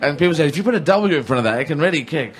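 A British stand-up comedian, appearing as a guest, chats casually in a fairly high, expressive voice at rapid-fire speed. His talk is rambling and jokey, packed with fillers, and crowd noise can be heard.

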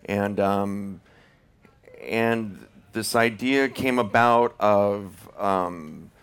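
A man being interviewed as a film director, talking hesitantly with many pauses and restarts. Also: fairly low pitch, fairly bright tone, smooth. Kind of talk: casual interview.

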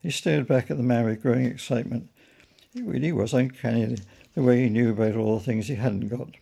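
Man, author reading a children's story, measured, gravelly, husky. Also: medium pitch, dark tone. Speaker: author reading his book.

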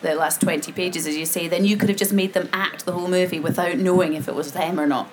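A woman's voice: lowish voice, fairly even intonation, fast. A British woman interviewing film guests in a chatty, laughing manner with leading questions. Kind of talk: press junket interview.

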